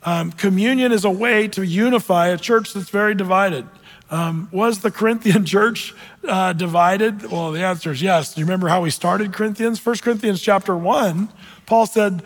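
A male pastor preaching a sermon in an animated way, acting out quoted voices as he explains scripture. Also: sits high, moderate pace, long reverb tail.

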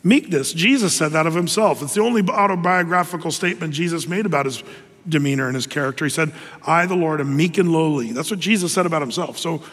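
A man preaching a sermon, telling the story lively with acted asides. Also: on the high side, fast talker, in a large hall.

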